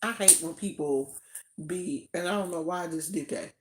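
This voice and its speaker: A woman's voice: fairly low pitch, normal speed, noisy background. An older woman hosting a spiritual channel, chatting casually on a livestream in a rambling way. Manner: chatty, rambling, with fillers and restarts. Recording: roomy echo.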